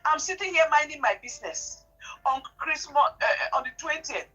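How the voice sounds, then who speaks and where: A woman, telling an emotional personal story in an animated, indignant way, often repeating herself. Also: sits high, normal speed, faint music behind, rough recording. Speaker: guest telling her story.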